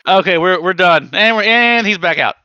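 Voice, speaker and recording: Animated man with bright, higher voice. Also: normal speed, no echo, lo-fi sound. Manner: animated, rambling, laughs often. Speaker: podcast co-host. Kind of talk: casual chat.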